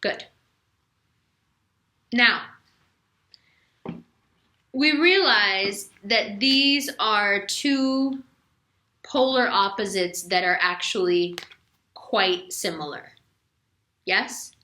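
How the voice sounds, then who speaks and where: A woman's voice: mid-range voice, very slow, long pauses, pushed and bright, echoey room. A woman giving a tarot reading in a frank, slangy, emphatic way, often laughing as she talks. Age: adult with a son. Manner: laughs often while talking. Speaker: tarot reader. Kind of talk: casual tarot reading monologue.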